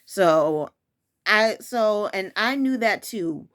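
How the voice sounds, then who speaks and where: A woman's voice: medium pitch, expressive, takes it slowly, fairly bright tone. A young woman who works as a preschool teacher talks casually and frankly, with a firm tone and many restarts and self-corrections. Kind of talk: casual personal storytelling.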